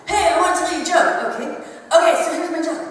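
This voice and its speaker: A woman voicing a scrappy, gleeful little boy who tells a joke in an excited, squealing voice. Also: very high-pitched, fast, slight background noise, voice pushed up. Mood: eager. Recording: echoey hall from far off.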